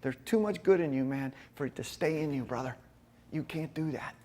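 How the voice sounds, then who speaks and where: A middle-aged man giving a sermon-style talk to a men's gathering, telling personal stories in a folksy, animated way. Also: fairly high pitch, brisk. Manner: folksy, animated storytelling with frequent asides to the group. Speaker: speaker at a men's ministry gathering.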